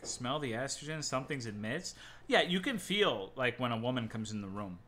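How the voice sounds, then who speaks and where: Bright-voiced, profane streamer man. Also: mid-range voice, animated, moderate pace, a little hiss or hum. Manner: profane, self-mocking joking. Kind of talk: casual chat with viewers.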